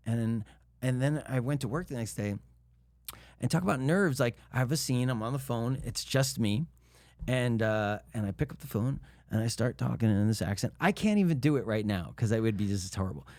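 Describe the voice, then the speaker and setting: Animated storytelling man, dry sound. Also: medium pitch, fairly quick, no room sound. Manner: animated storyteller, laughs often, acts out quotes. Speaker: actor guest. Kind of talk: casual interview chat.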